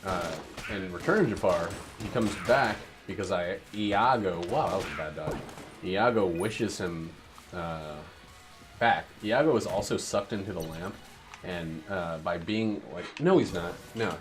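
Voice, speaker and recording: A man with a very low voice gives casual, wry commentary while he plays a video game. He rambles and mutters asides to himself. Game music and gunfire play clearly behind him. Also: normal speed. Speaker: streamer playing a video game. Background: loud game music and gunfire.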